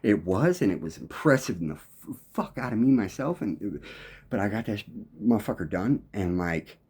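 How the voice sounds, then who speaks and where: Man, low voice, warm dark tone, profane, rambling monologue, restarts sentences. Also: lively intonation, moderate pace, slightly rough. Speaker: musician.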